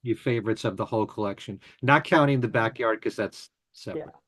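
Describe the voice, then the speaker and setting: A man's voice: lowish voice, brisk, fairly bright tone. A man hosting a casual music discussion, steering the talk and putting questions to his co-hosts. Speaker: podcast host. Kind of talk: casual chat.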